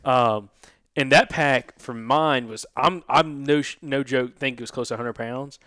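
A man's voice: medium pitch, measured pace, dry recording, clean studio sound. A man co-hosting a casual hunting podcast, telling stories with lots of "dude" and "listen". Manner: animated storyteller, laughs often, says "dude" and "listen". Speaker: podcast co-host.

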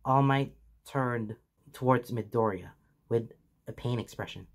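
A man's voice: medium pitch, a little slow. A man reading fan fiction aloud in a casual storytelling manner.

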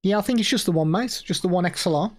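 A man's voice: high-pitched, fast talker. A male streamer chatting casually during a live stream, showing gear and answering viewers, laughing easily.

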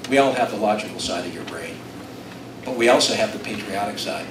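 A man's voice: mid-range voice, big pitch swings, moderate pace, pauses often, distant mic, background noise. A middle-aged man from Utah gives a rousing campaign speech to a live audience in an event room, mixing self-deprecating jokes with appeals. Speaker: political candidate. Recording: echoey room, recorded from afar.

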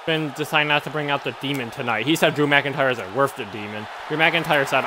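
Male let's-play co-host, crude joker, medium pitch, noisy home mic. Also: fairly quick, few pauses, a crowd in the background. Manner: joking, crude, rambling. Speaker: gaming channel co-host. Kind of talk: casual let's-play banter.

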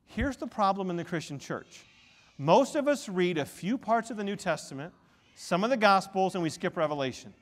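Male pastor, bright high voice that moves a lot, animated storytelling sermon, long church reverb. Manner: animated storytelling, quick shifts between soft and loud. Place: church sanctuary.

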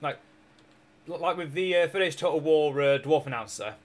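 Chatty and jokey, a young Scotsman with a sore throat streams a strategy game in casual live-stream talk, rambling and laughing often. His voice runs on the high side, animated, at a moderate pace.

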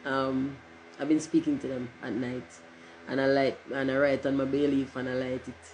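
A woman's voice: rumbling low, level tone, moderate pace, a little mellow, a little hiss or hum, low-quality recording. Chatty middle-aged woman. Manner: rambling, chatty, jokes and curses freely. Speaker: livestream host. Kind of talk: casual livestream chat.

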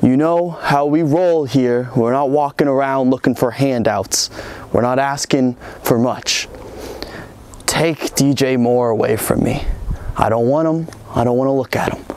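A man's voice: mid-range voice, darkish tone, slight background noise. Brash male sports comedy co-host. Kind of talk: sketch comedy and sports banter.

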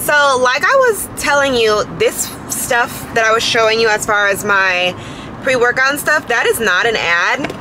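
Brief: young woman vlogger, chatty and upbeat, slightly high voice, faint hum behind. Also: lively intonation. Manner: chatty, upbeat, quick asides. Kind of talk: casual vlog chat. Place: home, then car and store.

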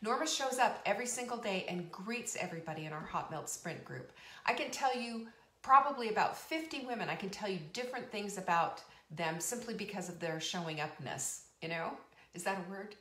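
A woman in her fifties speaks fairly quickly at medium pitch, her tone bright and forceful, as she hosts a live cooking and wellness show. Her casual stream chat rambles along bubbly, with many laughs and emphatic repeats, in an echoey room.

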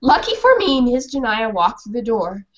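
Woman author, fairly high and lively, talks to kids over a lo-fi call. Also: normal speed. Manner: animated, questioning the children. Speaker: children's author. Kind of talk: storytelling and class discussion. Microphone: video call. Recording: dull lo-fi video call.

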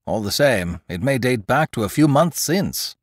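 A man voicing a calm, observant male scholar who explains details carefully in an audiobook. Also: medium pitch, normal speed, dry recording, studio quality. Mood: explaining.

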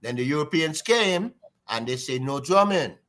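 A man with a Trinidadian accent, a guest drummer telling stories in an interview, lively and sing-song, imitating drum sounds. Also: a little high, moderate pace. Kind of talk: animated storytelling interview.

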